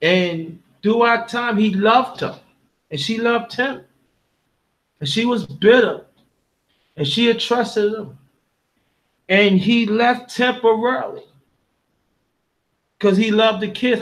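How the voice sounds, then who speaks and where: A man's voice: sits high, takes it slowly, pauses often, a bit bright. A man from Brooklyn, New York, talking casually and with feeling, rambling and restarting as he recounts a story. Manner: rambling, heartfelt, with many restarts. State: emotional. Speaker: panel host.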